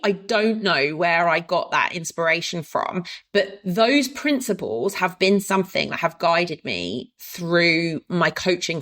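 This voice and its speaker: A woman's voice: fairly low pitch, fairly bright tone. A woman, a fitness coach hosting a podcast, telling her own story in a candid, casual way and swearing now and then. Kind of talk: personal storytelling monologue.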